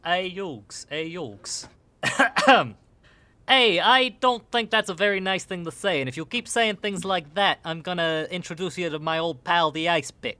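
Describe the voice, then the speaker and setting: A man's voice: high-pitched, a little slow, sharp tone. A man voicing a tough male gangster with a put-on Boston accent and old-school mobster bluster. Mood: menacing. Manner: threatening in a jokey tough-guy way.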